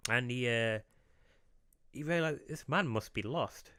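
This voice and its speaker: Bright-voiced man telling crude comic stories. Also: mid-range voice, measured pace, clear, resonant tone, dry recording. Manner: rambling, crude, deadpan narration. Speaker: podcast co-host. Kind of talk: improvised comic storytelling.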